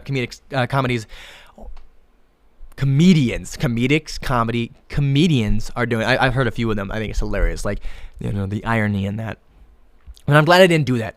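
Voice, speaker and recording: A man hosting his own podcast alone, talking casually and cursing freely. He swings between low, mumbled asides and loud, pushy hype. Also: no echo. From Minnesota. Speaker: podcast host. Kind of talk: casual solo podcast monologue.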